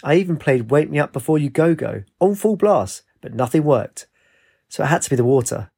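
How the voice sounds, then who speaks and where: A man's voice: a little high, lively intonation, fairly quick, gravelly, dark tone, slightly rough, pitched above the performer's own voice, exaggerated voice. A man voicing a skeptical, dry young man in a storybook.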